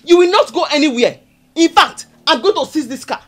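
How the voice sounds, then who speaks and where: A hot-tempered Nigerian village tailor. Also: female voice, sits high, expressive, fairly quick. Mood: furious. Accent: Nigerian English. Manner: angry, confrontational, exclamatory.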